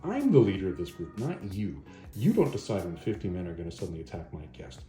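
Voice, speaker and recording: A man's voice: sits low, wildly swooping pitch, fast, mellow, soft background music. Cranky hill chief barking orders, a guy putting him on, echoey room. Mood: bossy. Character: hot-tempered male hill-tribe chief.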